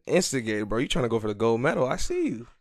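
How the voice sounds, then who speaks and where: Very animated and medium in pitch, this young man co-hosts a podcast in a casual chat, joking, teasing and playfully protesting. The studio-quality recording has no echo.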